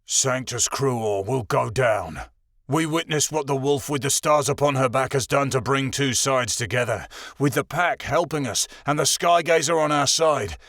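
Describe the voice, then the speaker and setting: A man voicing a raspy, menacing vampire-wolf creature in an audiobook, speaking slowly and heavily. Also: mid-range voice, fairly bright tone, no room sound, studio quality, natural voice. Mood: grave. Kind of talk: audiobook character voice.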